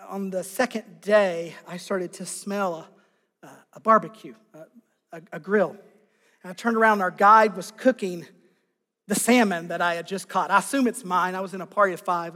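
Male pastor, high-pitched, dramatic sermon delivery, hall reverb. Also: fairly bright tone. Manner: dramatic preaching, voicing scripture quotes with rising intensity.

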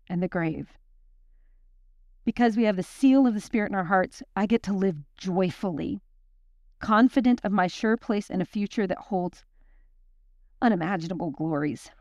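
Teaching a Bible study, a young woman talks in a chatty, intense way, poking fun at herself before praying over the group to close her sermon. Her mid-range voice has a darkish tone, and the recording is dry and dull.

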